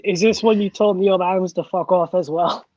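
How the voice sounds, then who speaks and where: A man's voice: sits high, fairly even intonation, moderate pace, dark tone. A man chatting on a podcast as a comic book creator, giggling and protesting a lot. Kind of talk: casual podcast chat. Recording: dull lo-fi mic.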